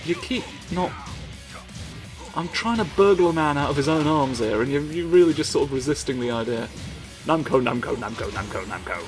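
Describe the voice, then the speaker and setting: A man's voice: on the high side, a little fast, music in the background. A man giving rambling, playful comedic commentary over a fighting game, full of absurd asides.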